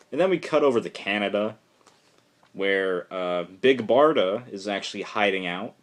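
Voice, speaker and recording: A man casually reviewing a comic book issue for a vlog, rambling and excitable, filling his talk with "like" and "just". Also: sits low, normal speed.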